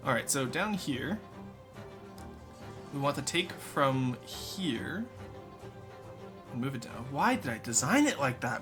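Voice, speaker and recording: A man's voice: medium pitch, sing-song, takes it slowly, pauses often, music in the background. A man streaming live, chatting casually with his chat while building in a game, rambling and swearing freely.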